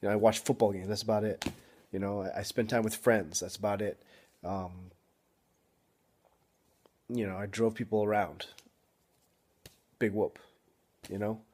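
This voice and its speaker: A young man talking straight to camera in a casual vlog, frustrated and apologetic, halting with many ums and restarts. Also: on the low side, flat delivery, a little mellow. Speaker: vlogger.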